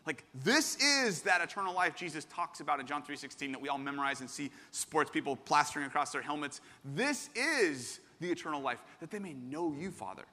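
Guy pastor giving a sermon, kinda high voice, talks loose and breaks off midsentence, big echoey church. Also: lively intonation, a little fast, hardly any pauses, sharp tone. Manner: conversational, self-interrupting, with bursts of emphasis. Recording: long hall reverb.

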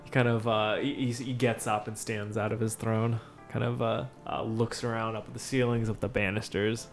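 A man running a tabletop game as game master, narrating in a halting way with many fillers. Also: on the low side, flat delivery, soft background music.

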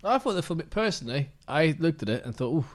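A man's voice: fairly high pitch, sing-song, quick pace. A man, a podcast regular telling rambling anecdotes in casual chat.

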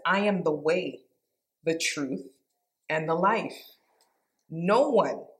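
A woman's voice: lowish voice, a bit bright. A woman giving an informal devotional Bible teaching, reading scripture aloud and reflecting on it in an earnest, conversational way.

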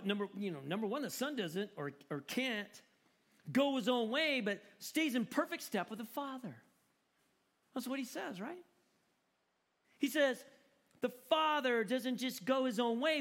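A man preaching a sermon in an animated, joking way, often repeating words for emphasis. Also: extremely high pitch. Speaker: pastor.

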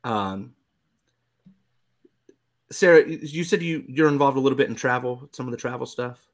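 A man's voice: mid-range voice, moderate pace. A man co-hosting a podcast, chatting casually with joking, teasing banter. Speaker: podcast co-host. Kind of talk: casual chat.

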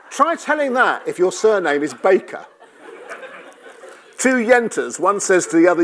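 A man's voice: high-pitched, slow, pauses often, a little hiss or hum. A middle-aged English man with a light London lilt, telling wry personal stories and jokes to an audience. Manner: wry, animated storytelling with joke delivery. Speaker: speaker giving a talk. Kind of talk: storytelling talk to an audience.

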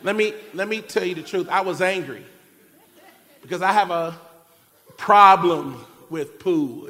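A man preaching a sermon, telling a family story in an animated way and acting out shouted cries. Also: fairly high pitch. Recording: long reverb of a large hall. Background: keyboard music.

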